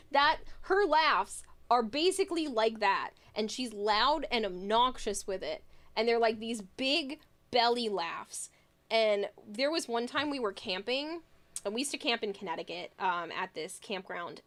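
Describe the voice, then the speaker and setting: A woman's voice: fairly high pitch, a bit bright. A woman streamer chatting casually with viewers, telling funny family stories with frequent laughter and reading comments aloud. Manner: giggly storytelling, reading chat aloud.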